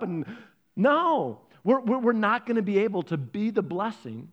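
High-voiced man preaching with energy. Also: normal speed, highs cut off. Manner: energetic, emphatic preaching with repetition. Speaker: pastor. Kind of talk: sermon.

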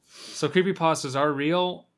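A man's voice: fairly high pitch, fairly even intonation, measured pace. A man co-hosting a casual podcast, cutting in with sarcastic, exasperated remarks. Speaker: podcast co-host. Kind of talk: casual chat.

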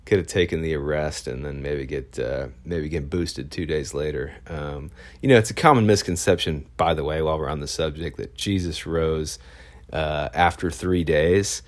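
A man with a very low voice tells a story as a photojournalist, casual and meandering. He stops and restarts often and leans on fillers. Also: moderate pace. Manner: rambling, with many fillers and restarts.

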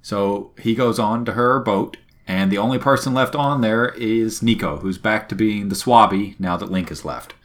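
A man's voice: on the low side, normal speed, hardly any pauses. A man hosting a podcast, recapping a video game in casual, wry and opinionated chat. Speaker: podcast host.

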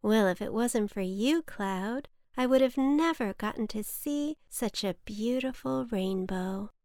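A sweet, well-mannered little boy from a children's storybook, as a woman puts him on, earnest and eager to help. His voice sits high and bright and lifts with feeling. It is recorded close and dry, with no room sound at all. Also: animated, measured pace, no room sound. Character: kind, polite little boy.

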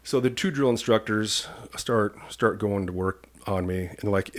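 A man from Iowa, a police commander and podcast guest, telling an animated personal story and acting out the people in it. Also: fairly low pitch, moderate pace. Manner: lively storyteller who acts out the people in his story.

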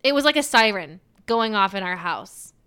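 A woman co-hosting a podcast, telling a home story in a casual, animated way and swearing now and then. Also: medium pitch, normal speed, clear, resonant tone. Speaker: podcast co-host. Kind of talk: casual chat.

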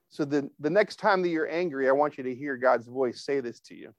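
The preacher's voice is fairly high in pitch and moderate in pace, captured without echo. He talks through his sermon loosely, restarting sentences, using plenty of fillers and calling on the congregation to respond.

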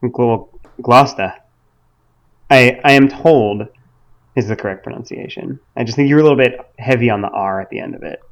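A man's voice: medium pitch, a little fast. A man co-hosting a podcast in casual chat, with a wry, dryly teasing manner. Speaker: podcast co-host. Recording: slightly muffled lo-fi recording.

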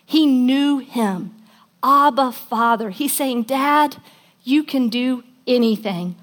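Brief: woman preacher with a fairly high voice, conversational storyteller, acts out the quotes in her sermon. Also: takes it slowly, darkish tone.

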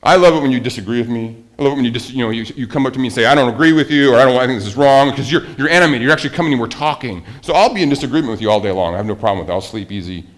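A man preaching a sermon as a pastor, animated, with rhetorical questions and swings from loud emphasis to quiet asides. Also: medium pitch, rapid-fire, few pauses.

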